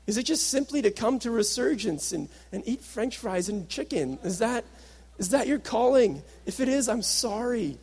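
A young adult man with a fairly high, husky voice gives a sermon-style talk. He tells a personal story and slips into the voices of his past self and the people around him. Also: a little mellow. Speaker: workshop speaker.

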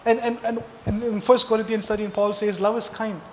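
A man's voice: high voice, little pitch movement, fairly quick, a little hiss or hum. Preaching man in a reverberant hall. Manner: rhetorical questions to the congregation, emphatic. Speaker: pastor. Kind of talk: sermon.

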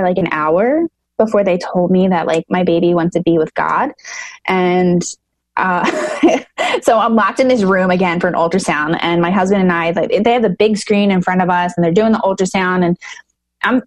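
A woman's voice: fairly low pitch, a little mellow, dry recording. A young adult woman, a podcast guest, telling a personal story in a casual, emotional way with many fillers. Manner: emotional, fast, filler-heavy retelling.

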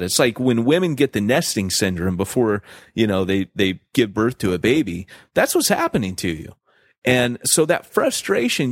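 A man co-hosting a podcast, talking in an animated, joking way with many restarts and fillers. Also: medium pitch, no echo, studio quality. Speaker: podcast co-host. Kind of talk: casual podcast chat.

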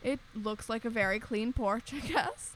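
A woman's voice: on the high side, moderate pace, fairly bright tone, slight background noise. A young woman co-hosting a podcast, rambling animatedly in casual chat with lots of filler words. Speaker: podcast co-host.

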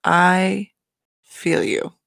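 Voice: mid-range voice, flat delivery, drawn-out words, gravelly, fairly bright tone, no echo. A podcast host chatting casually through a reality TV recap, gushing, rambling and swearing freely on a home mic.

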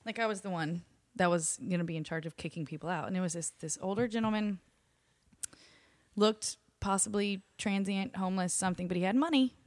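A woman's voice: medium pitch, a little fast, a little mellow, no room sound. A young woman, a bartender speaking frankly and bluntly in casual chat. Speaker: bartender, podcast guest.

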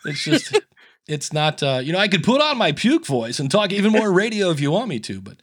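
A man with a high, sing-song voice speaks briskly as a podcast guest, chatting casually and acting out the dialogue in his stories. A little hiss or hum is audible.

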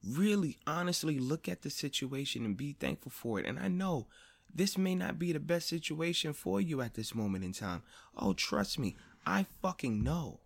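A man hosting a podcast, talking in a personal monologue, blunt and profane, repeating phrases for emphasis and rising louder and higher as he presses a point. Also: animated, normal speed, vocal fry. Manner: grows louder and higher when stressing a point. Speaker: podcast host.

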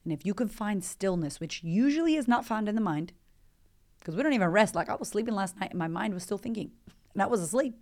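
Talking fast at a medium pitch, a woman in her thirties hosts a motivational podcast as a life coach. Her style is energetic and chatty, full of rapid rhetorical questions.

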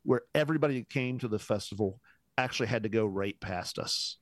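Low-voiced pastor telling a story. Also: male voice, fairly quick, no echo. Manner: animated storyteller who acts out the dialogue; casual, uses "man" often, restarts sentences. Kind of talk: storytelling in a podcast conversation.

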